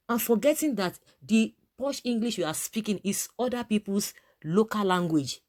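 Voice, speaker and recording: A woman with a Nigerian accent speaks her mind in a relaxed, unscripted way. Her sentences wander and restart, padded with frequent fillers as she builds her point. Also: mid-range voice, moderate pace. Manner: rambling, many fillers and restarts. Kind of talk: casual opinion talk.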